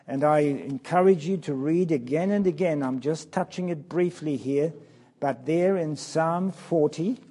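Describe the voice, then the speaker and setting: Slow, mellow-voiced male preacher. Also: fairly high pitch, husky. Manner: slow, reading scripture aloud with swelling emphasis; drops to soft, hushed tones on key phrases. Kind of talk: sermon.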